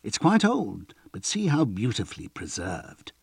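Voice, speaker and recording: A man voicing a smooth, flattering male trader who coaxes and persuades, in a storybook reading. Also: lowish voice, a little slow, no room sound, clean studio sound, heavily acted. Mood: wheedling. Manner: wheedling, persuasive.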